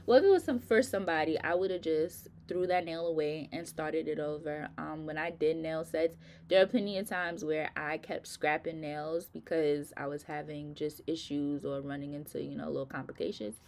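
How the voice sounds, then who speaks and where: Middle-aged woman, casual vlogger, tired and rambling, fairly low voice. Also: moderate pace, darkish tone, slight background noise. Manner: chatty, rambling, informal, addresses viewers as y'all. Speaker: nail vlogger. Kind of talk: casual chat to viewers.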